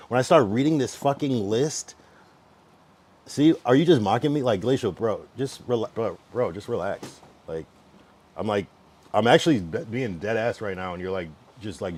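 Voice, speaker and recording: A man's voice: fairly low pitch, a little mellow, slightly rough. A young man livestreaming, ranting at his chat in an irritated, swearing, casual way.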